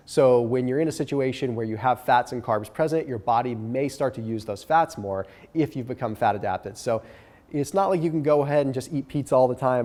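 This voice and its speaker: A man with a nasal, stuffed-up voice from a cold, answering viewer questions in a quick, direct, coaching way. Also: medium pitch, darkish tone, long reverb tail. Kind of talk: casual Q&A advice.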